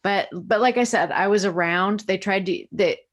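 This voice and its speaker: A woman's voice: mid-range voice, normal speed. An American woman, a voice actor, recalling past work in a chatty, self-deprecating way. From United States. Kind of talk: casual interview recollection.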